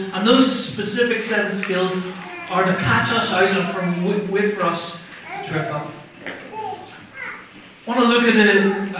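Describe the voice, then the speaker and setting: High-voiced preacher in an echoey hall. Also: male voice, background noise. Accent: non-American. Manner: conversational, asks the audience questions. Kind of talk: sermon. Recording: very echoey room, voice from far off.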